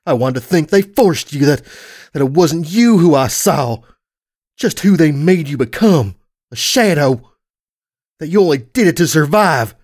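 A man's voice: mid-range voice, lively intonation, unhurried, darkish tone. A man reading a fan story, voicing a hot-tempered young mare pony who pleads in a raised, anguished voice.

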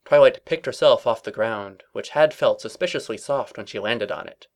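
A man's voice: medium pitch, normal speed, hardly any pauses. A man reading comedic fan fiction aloud as narrator, with dry, mock-serious storytelling.

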